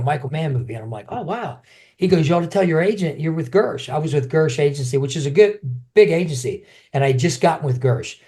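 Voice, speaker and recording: An older man, a guest in an interview, telling a personal story in an animated way and acting out what people said. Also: a little high. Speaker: guest, martial artist and actor.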